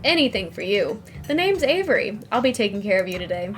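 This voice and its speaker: A woman's voice: mid-range voice, sing-song, brisk, faint music behind, close to an everyday voice. Woman as a shy, nervous diner server.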